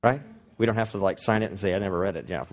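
A middle-aged man preaching a sermon as a guest speaker, conversational and animated, with frequent rhetorical questions and touches of humor. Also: deep voice, very fast.

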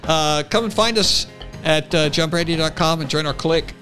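A man co-hosting a chat show, dropping quick dry remarks and finishing his co-host's sentences, then signing off the show. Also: a little high, music in the background. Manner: dry quick interjections, chimes in to finish her lines. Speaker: podcast host. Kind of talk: casual chat, show sign-off.

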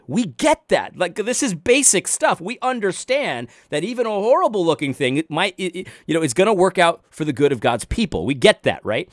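A man's voice: a little high, normal speed, hardly any pauses, no room sound, studio quality. A middle-aged man hosting a Christian commentary channel, talking with passion and sarcasm, often restarting his words. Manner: animated, restless, repeats and restarts words, sarcastic. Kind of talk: impassioned religious commentary.

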